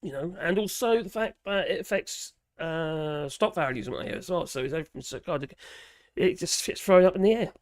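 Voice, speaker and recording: A man's voice: on the high side, a little fast, no echo, studio quality. A man with a Norfolk accent, rambling bluntly through a casual live stream, his voice slightly strained. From England. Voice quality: slightly strained, mucus-prone throat. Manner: rambling, blunt, chatty with frequent restarts and slang.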